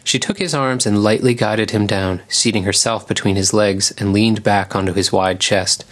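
Low-voiced male audiobook narrator. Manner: calm, measured storytelling.

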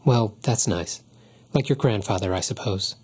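A prim lioness neighbor from a storybook, polite on the surface but cool and evasive, as a man reads her. Her voice sits low and quiet, with a husky, breathy edge. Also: normal speed.

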